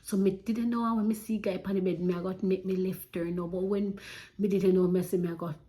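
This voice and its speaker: A woman's voice: medium pitch, steady tone, fairly quick, mellow. A woman with a Jamaican accent tells her own story in a heartfelt, emotional way. Her voice sits in the middle range, and her speech carries Patois turns of phrase as she relives what happened. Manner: earnest, emotional retelling in Patois-flavoured speech. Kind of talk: personal storytelling.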